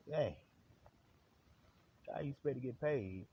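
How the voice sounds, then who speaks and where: A man's voice: mid-range voice, slow pace, pauses often. A man hosting a live stream, rambling in slang with lots of fillers. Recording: dull lo-fi with faint hiss.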